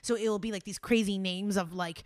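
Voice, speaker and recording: A woman's voice: medium pitch, a little fast, no room sound. Chatty giggly woman, dry close mic. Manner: giggly, chatty, animated storytelling. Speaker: podcast co-host. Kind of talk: casual chat.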